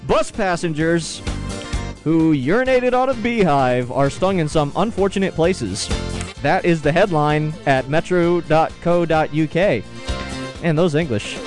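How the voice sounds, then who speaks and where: A man's voice: fairly high pitch, lively intonation, normal speed, music in the background. A man hosting a radio talk show, reading odd news stories aloud with joking asides.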